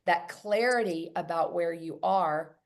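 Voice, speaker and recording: A woman's voice: lowish voice, a little slow. Emphatic woman hosting a coaching talk. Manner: emphatic, repeats key words. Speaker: host.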